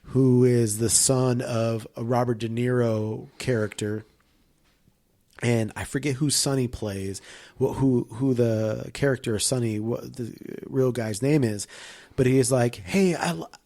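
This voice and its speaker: A man's voice: medium pitch, fairly even intonation, unhurried, mellow. Swearing, enthusiastic man chatting. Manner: enthusiastic, heavy swearing, rambling. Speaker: podcast guest, filmmaker. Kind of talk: casual podcast chat.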